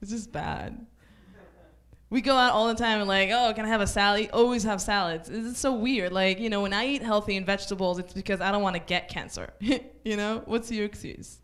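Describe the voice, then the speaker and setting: A woman from Israel with an Israeli accent and Hebrew as her first language, doing a stand-up set at a small comedy club with offhand dark jokes and lots of "like" fillers. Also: medium pitch, moderate pace. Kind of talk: open-mic stand-up set.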